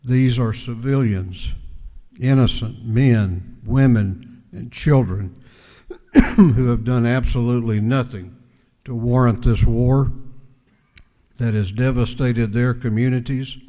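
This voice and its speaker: Slow, deliberate man in a large chamber. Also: mid-range voice, dark tone. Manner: slow, deliberate oratory with pauses. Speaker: speaker of the house presenting a resolution. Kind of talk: formal floor speech. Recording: chamber reverb.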